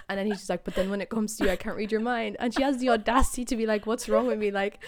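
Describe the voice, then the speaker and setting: A young woman in casual chat, giving sassy, animated commentary with mocking quotes. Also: mid-range voice, rapid-fire, few pauses, a little hiss or hum.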